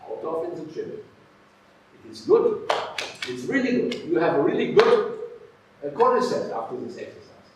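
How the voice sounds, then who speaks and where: A man's voice: on the high side, sing-song, brisk, very noisy. Man lecturing in an echoey hall. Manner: emphatic, checking in often with "okay?" and "yeah?". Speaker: physiotherapy lecturer. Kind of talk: live lecture to a workshop audience. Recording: echoey hall, far from the mic.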